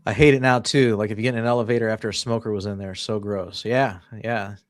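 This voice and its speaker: A man's voice: fairly low pitch, steady tone, fast, no room sound. A man in casual conversation, telling a personal story animatedly with frequent laughs and restarts.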